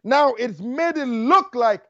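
Male preacher, very high voice, fervent, repeats lines, dull dry lo-fi recording. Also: lively intonation, a bit bright, no room sound. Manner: fast, rushing delivery. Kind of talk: sermon.

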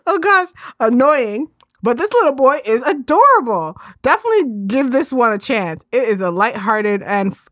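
A woman's voice: mid-range voice, a bit bright, no room sound, studio quality. A woman co-hosting a podcast in casual chat, giggly and chatty, often trailing off and restarting. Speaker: podcast co-host.

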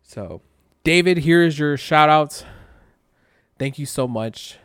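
A young man with a fairly high, clean voice talks at a slow pace in studio-quality audio with no echo. Co-hosting a podcast, he spins an animated, rambling story in casual chat, heavy on fillers.

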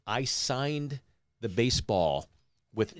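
A man's voice: mid-range voice, takes it slowly, no room sound, clean studio sound. A man from Pittsburgh, a comedian guest on a podcast, telling a casual story full of quoted dialogue. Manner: animated anecdote teller, lots of quoted dialogue.

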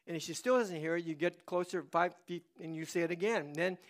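An older man preaching a sermon as a pastor. His delivery is dramatic, moving from hushed confession to loud shouts. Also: a little high, fast. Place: church.

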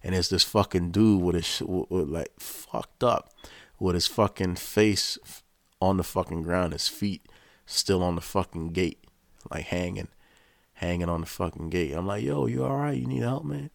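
A man with a deep, gravelly voice tells a story as a podcast host. He rambles casually and swears constantly. The sound is dry and close. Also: steady tone, unhurried, no echo. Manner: profane, rambling.

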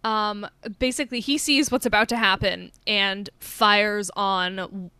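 A woman's voice: mid-range voice, fairly even intonation, unhurried, pushed and bright, smooth, dry recording. Woman podcast co-host, dry close sound. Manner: chatty, many fillers, swears casually. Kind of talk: casual chat about a film.

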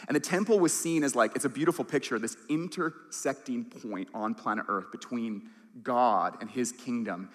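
A man's voice: medium pitch, moderate pace, in a large hall. A man preaching a sermon as pastor, earnest and emphatic, acting out quoted lines.

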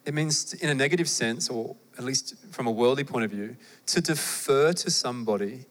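A young adult man with an Australian accent, preaching a sermon in a conversational, animated way with asides to the listeners. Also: mid-range voice, normal speed. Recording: long hall reverb.

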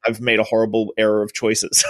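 A man's voice: lowish voice, completely flat delivery, brisk, fairly bright tone, no room sound. A man hosting a live-streamed interview, asking long, rambling questions with many restarts. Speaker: interviewer, host.

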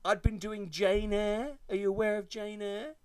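A man from England telling funny stories in a casual podcast chat, jokey and animated. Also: high voice, moderate pace, clear, resonant tone. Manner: animated, jokey, mimics shrieks.

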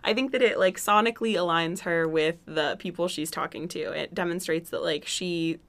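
A young woman co-hosts a casual podcast chat. Her voice sits a little on the low side, and she talks in an opinionated, joking way. Plenty of casual fillers run through what she says. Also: normal speed, a bit bright. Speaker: podcast co-host.

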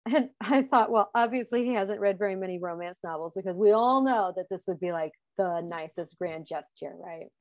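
A woman's voice: medium pitch, brisk, hardly any pauses, a little mellow, no echo. A woman co-hosting a podcast, casually recapping a show, laughing often and acting out lines. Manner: chatty, laughs often, acts out quotes. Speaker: podcast co-host.

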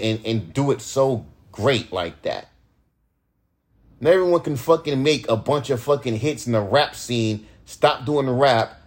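Heated, profane male podcast ranter. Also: mid-range voice. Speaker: podcast host and rapper. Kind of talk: casual ranting monologue.

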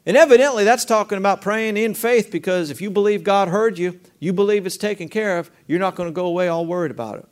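Male pastor, high-pitched, conversational sermon with call-and-response. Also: fast talker, few pauses. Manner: conversational preaching with rhetorical questions and call-and-response.

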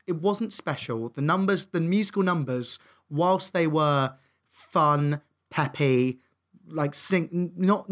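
A young man co-hosting a casual film review chat, hesitant and full of fillers and restarts, but enthusiastic. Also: on the high side. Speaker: film review podcast co-host.

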